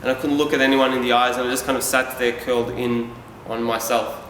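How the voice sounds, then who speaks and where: A man's voice: mid-range voice, little pitch movement, fairly quick, a bit bright, a little hiss or hum. A man from Yugoslavia telling a personal story to a live audience, speaking candidly and casually with self-deprecating asides. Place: event hall. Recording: echoey hall from far off.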